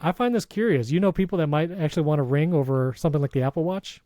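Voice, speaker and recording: Male podcast host, casual tech chat, enthusiastic, mellow tone, dry close sound. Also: a little high, dry recording. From Hispanic background. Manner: enthusiastic, reads sponsor spots with quick asides.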